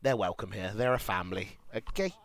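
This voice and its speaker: A young man with a British accent reacts to posts on stream, his chat crude and casual, his laughter loud, his reading muttered. He speaks fairly quickly at a fairly low pitch, with no echo.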